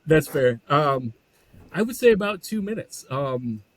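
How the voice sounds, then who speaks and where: A man in his forties, a podcast guest, talking casually with many pauses and self-deprecating hedges. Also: on the high side, very animated, no echo. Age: 40s. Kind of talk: casual interview chat.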